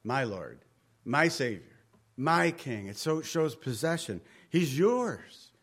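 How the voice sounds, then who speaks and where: Husky and slow, this medium-pitched male voice swings widely in pitch as he leads a Bible study sermon for a gathered group. He keeps it conversational, shifting his loudness and sometimes sinking to a near whisper.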